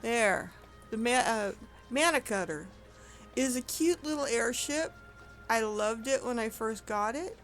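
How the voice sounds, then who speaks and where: A woman's voice: on the high side, expressive, measured pace, a bit bright, soft background music. A woman streaming an online game, chatting casually and rambling with frequent self-corrections. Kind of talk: casual gameplay commentary.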